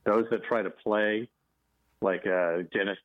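A low-voiced man from New Orleans calls in and chats in a loose, hesitant way, often repeating his words. The phone line sounds muffled and dry. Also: fairly even intonation, unhurried, no echo. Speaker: caller on the phone. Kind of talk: casual phone chat.

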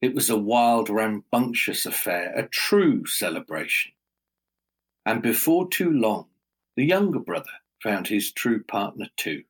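A man telling a folk tale aloud in a slow, measured, dramatic way. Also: medium pitch. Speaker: storyteller. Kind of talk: oral storytelling.

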